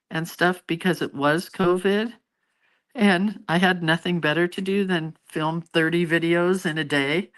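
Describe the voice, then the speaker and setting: A middle-aged woman hosting a casual live stream, chatting with her viewers and reading out their comments in a rambling, familiar way. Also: lowish voice.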